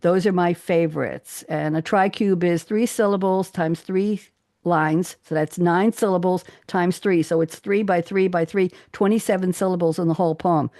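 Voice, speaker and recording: A woman hosting a radio talk show, chatting with guests in a lively, storytelling way. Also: on the low side, normal speed, no echo, clean studio sound. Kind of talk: casual radio chat. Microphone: studio microphone.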